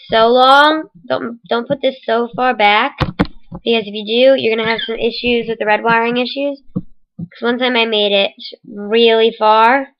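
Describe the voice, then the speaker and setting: Rambling woman, lo-fi mic. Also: on the high side. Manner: rambling, self-correcting. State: hiccups. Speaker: game tutorial narrator. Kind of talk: casual voice-over tutorial. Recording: dull lo-fi mic.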